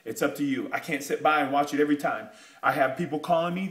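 A man giving a motivational pitch, emphatic and repetitive, pushing his points with rising urgency. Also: quick pace, a bit bright, reverberant. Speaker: motivational speaker.

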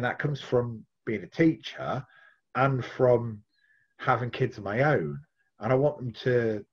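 Male author-storyteller, husky voice, lively telling, dull audio. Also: medium pitch. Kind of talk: folk tale storytelling and interview answers.

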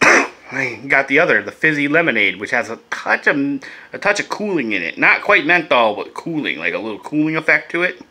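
A man's voice: medium pitch, big pitch swings, a little fast, pushed and bright. A laid-back man chatting casually and swearing as he reviews vape gear in a vlog, coughing now and then.

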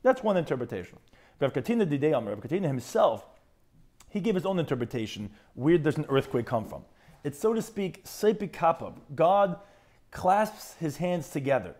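A rabbi teaching a Talmud class, reading out Aramaic phrases and translating them line by line. His voice sits a little higher than most men's and leaps up animatedly on key words. He restarts and repeats words as he explains. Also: normal speed. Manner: reads Aramaic phrases then translates, animated with sudden pitch jumps. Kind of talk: Talmud lecture.

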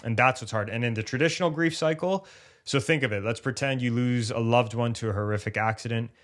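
Man, podcast co-host, casual chat, animated, acts out athletes' thoughts, mid-pitched voice. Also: fast. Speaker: podcast co-host and injury recovery coach.

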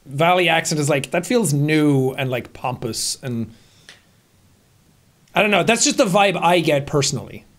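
A man's voice: on the high side, lively intonation, normal speed, a bit bright. A young man co-hosting a podcast, chatting casually with a sarcastic, joking manner. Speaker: podcast co-host. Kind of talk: casual chat.

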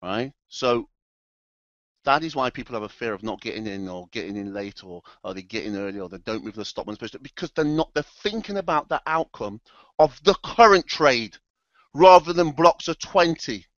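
A man's voice: mid-range voice, animated, moderate pace, a bit bright, dry recording, muffled recording. Emphatic man giving a trading seminar. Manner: emphatic, repetitive, direct address to audience. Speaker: trading educator and presenter. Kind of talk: motivational trading seminar talk.

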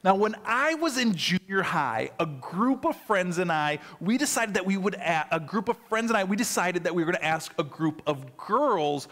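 A man preaching a sermon who tells stories in a lively way, often repeats and restarts his words, and keeps checking in with his listeners. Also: sits high, moderate pace, hardly any pauses, faint music behind. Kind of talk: sermon with personal storytelling.

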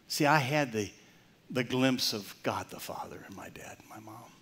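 Older man, pastor, sermon, emphatic then hushed, middle-pitched voice. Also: moderate pace, breathy edge. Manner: swings from loud emphatic preaching to soft near-whispered storytelling.

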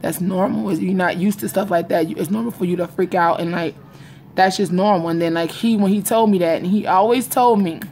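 Rambling, confiding woman with gravelly voice. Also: on the low side, brisk, warm tone, slight background noise. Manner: rambling and confiding, repeats herself, addresses viewers as y'all. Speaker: vlogger. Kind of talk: casual vlog chat to viewers. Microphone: phone or webcam in front of her.

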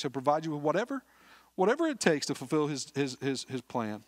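A man preaching a sermon as a pastor, telling a story in an earnest way, dropping to a hush and then rising to loud appeals. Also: medium pitch, no echo. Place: church sanctuary.

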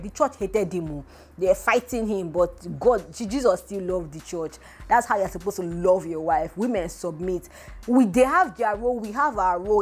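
A woman hosts a vlog, giving emphatic, rhetorical gossip commentary. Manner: emphatic and rhetorical, voice often jumping up high. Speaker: vlogger host. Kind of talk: casual celebrity gossip commentary.

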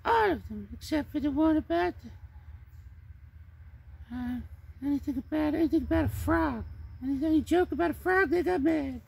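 A man voicing a cheeky, boastful male puppet who has landed in jail, in a squeaky high voice that drawls and ends lines with "man". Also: moderate pace, creaky, long pauses, heavily acted.

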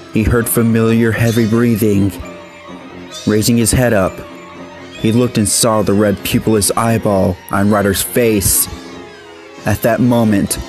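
A man narrating a horror story in a steady, even scripted reading. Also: fairly low pitch.

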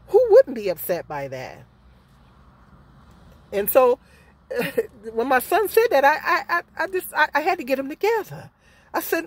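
A woman's voice: high voice, wildly swooping pitch, a little slow, pauses often, no room sound. A middle-aged woman vlogging her opinions, emphatic and full of rhetorical questions, often asking "okay?". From Michigan, United States. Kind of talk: casual opinion vlog.

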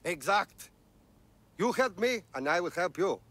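A man's voice: sits high, animated, a little slow, fairly bright tone, full character voice. An actor playing a blunt, laid-off male tech worker in a video game, talking in clipped, broken English.

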